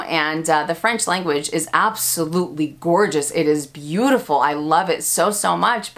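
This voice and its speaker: A woman's voice: fairly low pitch, fairly bright tone. A chatty American woman hosting a handbag Q&A vlog, laughing often and poking fun at herself. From United States. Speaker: luxury handbag YouTuber. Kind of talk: casual Q&A vlog chat.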